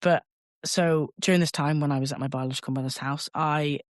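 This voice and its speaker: A young man, a podcast guest telling a personal story in a candid, halting way, swearing casually. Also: on the high side, fairly even intonation, no echo, clean studio sound.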